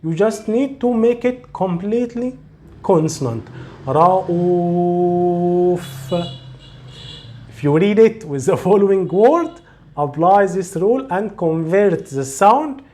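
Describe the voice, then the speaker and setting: Slow, patient male teacher. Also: sits high, animated, mellow, a little hiss or hum. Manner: slow, patient, demonstrates sounds and repeats them. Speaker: Arabic teacher. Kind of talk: slow, step-by-step recitation lesson.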